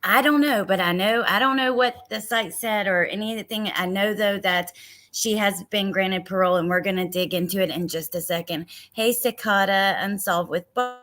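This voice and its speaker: A woman's voice: mid-range voice, normal speed, a bit bright. A woman hosting a casual true crime livestream, talking a lot and greeting viewers by name, a little frustrated.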